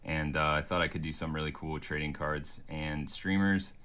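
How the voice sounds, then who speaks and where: Deep-voiced man, bright and hesitant. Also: steady tone, normal speed, clear, resonant tone. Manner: hesitant, filler-heavy. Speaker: NFT artist in a clip. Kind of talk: talking-to-camera explanation video.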